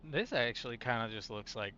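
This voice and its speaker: A man giving laid-back, joking commentary while driving in a trucking game, thinking out loud as he goes. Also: mid-range voice, animated, fairly quick. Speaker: game streamer. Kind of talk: casual gameplay commentary. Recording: dull lo-fi mic sound.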